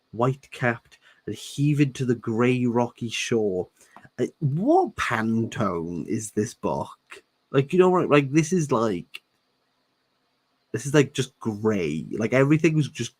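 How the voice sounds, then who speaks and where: A husky, darkish mid-range voice belongs to this Welsh book channel host in his thirties. He reads a novel aloud with joking asides, playfully savouring favourite words and saying them again.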